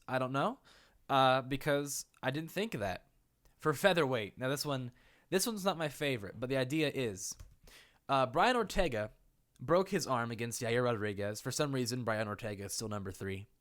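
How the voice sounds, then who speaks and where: A man's voice: medium pitch, a bit bright. A young man talking casually and playfully in an unscripted commentary, laughing often. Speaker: YouTuber.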